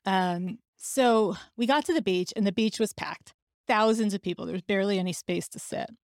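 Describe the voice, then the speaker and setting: A woman's voice: mid-range voice, normal speed, darkish tone, dry recording, clean studio sound. Candid woman telling a story. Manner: candid, conversational, laughs now and then. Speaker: podcast host. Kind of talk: personal storytelling.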